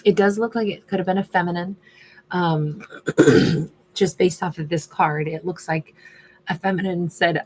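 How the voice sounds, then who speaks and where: A woman's voice: fairly low pitch, steady tone, measured pace, long pauses, a little mellow, a little hiss or hum. A woman doing a casual tarot reading who thinks aloud and is losing her voice. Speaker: tarot reader.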